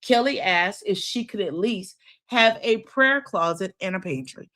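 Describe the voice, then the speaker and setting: A woman's voice: mid-range voice, expressive, unhurried, sharp tone. A woman hosting a casual recap of a reality TV episode, chatty and opinionated, often calling her listeners "child" and "girl.".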